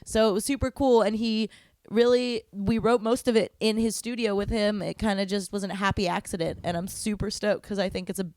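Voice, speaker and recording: Woman singer being interviewed, talks fast and laughs a lot, dry close mic. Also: medium pitch, no echo. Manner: chatty, laughs often, lively storytelling. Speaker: band vocalist guest. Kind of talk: casual interview chat.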